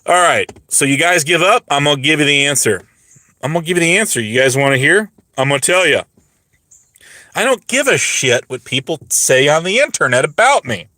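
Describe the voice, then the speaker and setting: A man's voice: fairly high pitch, expressive, fairly quick, bright, forceful tone, no echo. A man in his forties hosting a livestream, ranting sarcastically to his chat, rambling with restarts while his voice runs dry. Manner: sarcastic, mocking, talks straight to chat; rambling with frequent restarts and stumbles. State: voice getting dry. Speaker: livestream host. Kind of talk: casual livestream rant to chat.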